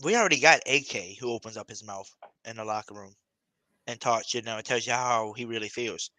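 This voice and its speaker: Bright-voiced animated sports host. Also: male voice, mid-range voice, brisk, no echo. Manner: animated, profane, acts out imagined quotes. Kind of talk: casual sports talk.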